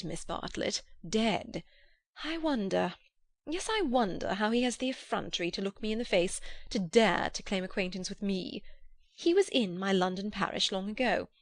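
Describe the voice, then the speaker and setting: A woman's voice: mid-range voice, dry recording, clean studio sound, close to an everyday voice. A woman reading a pompous, frigid old-world chaplain. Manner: frigid, indignant, clipped. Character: stern, pompous male English chaplain. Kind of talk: audiobook character reading.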